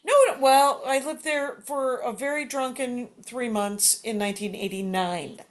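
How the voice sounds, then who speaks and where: A woman's voice: a little high, fairly even intonation, unhurried. A woman comedian in her fifties chatting casually from home, rambling and self-deprecating with many filler words. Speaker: comedian guest. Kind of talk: casual chat.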